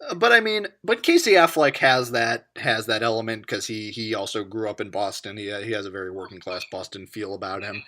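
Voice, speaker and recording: Animated man in casual film chat. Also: on the low side, a little fast, few pauses. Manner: animated, swears and laughs often. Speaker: podcast co-host.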